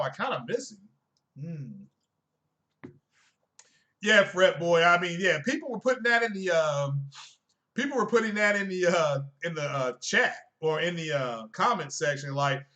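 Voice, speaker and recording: A man talks to his live-stream viewers about games in a bright, forceful voice that sits a little high for a man. He is emphatic and likes rhetorical questions, scolding his audience as he goes. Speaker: tech and gaming streamer. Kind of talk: casual live-stream commentary.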